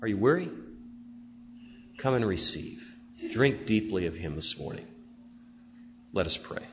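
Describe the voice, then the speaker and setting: A man preaching a sermon as pastor, rising to loud emphatic declarations and dropping to soft prayerful tones. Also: lowish voice, animated, a little slow. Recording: dull sound with long church reverb and faint hum.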